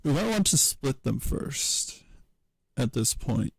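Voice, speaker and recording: Slow, gravelly man thinking aloud. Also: mid-range voice, big pitch swings, dry recording, poor audio. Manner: halting, many fillers and self-corrections. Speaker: streamer teaching historical linguistics. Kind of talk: casual livestream tutorial, thinking aloud.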